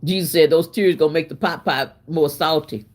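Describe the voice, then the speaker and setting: A woman hosting a casual cooking livestream, chatty and expressive, laughing and answering her viewers while she cooks in her home kitchen. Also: low-pitched, a little fast. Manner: chatty and expressive, laughing and talking back to chat. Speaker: livestream host.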